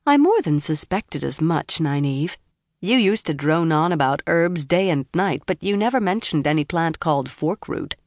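Woman putting on a poised young woman, lifted pitch, amused and condescending, dry storybook reading. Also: expressive, normal speed, darkish tone, no room sound. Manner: cool and amused. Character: calm self-assured young woman, condescending.

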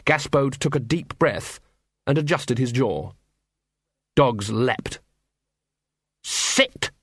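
A man reads a story aloud in a measured, wry way, his voice mid-pitched and even. The recording sounds close and dry, with no room echo. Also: slightly rough. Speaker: audiobook narrator. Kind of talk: scripted narration.

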